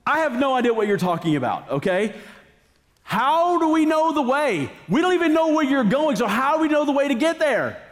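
A man putting on a high, baffled disciple. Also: big pitch swings, a little fast, big-room sound. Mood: exasperated. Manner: incredulous, whiny questioning. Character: baffled, exasperated male disciple.

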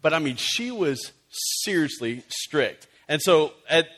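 A pastor preaching to his congregation in a loose, chatty way, full of asides and fillers. His voice sits a little high for a man. He is lively and animated as he tells stories from the pulpit. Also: takes it slowly. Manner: animated, conversational, many fillers. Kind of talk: storytelling sermon. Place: church service.

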